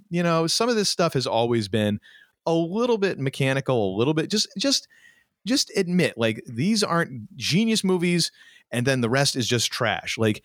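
Male podcast co-host, animated rant, very lively pitch. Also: normal speed, dry recording, clean studio sound. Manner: animated, ranting, frequent restarts and mock quotes. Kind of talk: casual chat.

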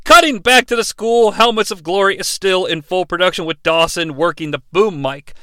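A man's voice: high voice, normal speed, bright, forceful tone, clear, resonant tone, no echo. A man hosting a podcast, recapping an episode with sarcastic, profane asides. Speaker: podcast host.

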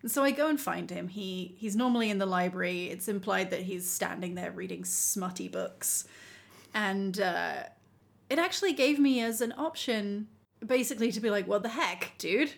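A woman telling a story in casual chat as a podcast co-host, animated and laughing often. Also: mid-range voice, moderate pace, vocal fry. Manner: animated, laughing often, acting out quoted lines.

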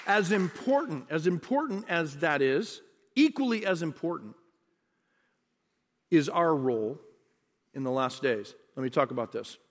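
A man preaching a sermon as pastor, in an animated, conversational way with repeated phrases and asides. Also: a little high, measured pace, long pauses, long reverb tail, a faint crowd.

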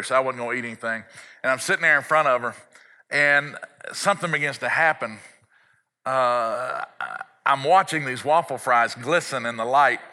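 Pastor guy preaching, super bright ringing voice, jokey storytelling, talks to the crowd. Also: fairly high pitch. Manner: storytelling with playful asides and call-outs to the congregation. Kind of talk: sermon.

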